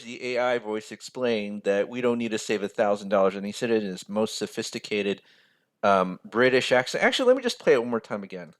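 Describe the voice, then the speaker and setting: An American man hosting a casual finance video, talking in a chatty, rambling way. He keeps checking in with listeners as he explains, and his voice sits at a middle pitch. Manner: chatty, rambling, says "right?" often. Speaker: financial mentor, video host.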